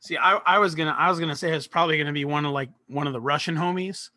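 Brief: male podcast host, casual and jokey, bright tone, dry close mic. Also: fairly high pitch, fairly even intonation, racing, no room sound. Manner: laid-back, jokey, many fillers like "like".

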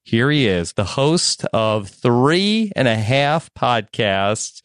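A man in his forties hosting a podcast in casual chat, easygoing and quick to laugh. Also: mid-range voice, very animated, dry recording. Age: 40s. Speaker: podcast host.

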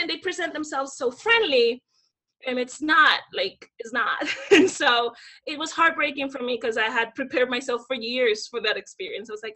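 A woman from the Dominican Republic, a guest telling stories in a casual interview, hyper and animated, acting out the voices of people she quotes. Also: on the high side, moderate pace.

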